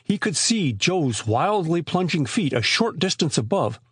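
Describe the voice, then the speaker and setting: A man narrating an audiobook with expressive, scripted storytelling on a close mic. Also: on the high side, measured pace, slightly rough, no room sound.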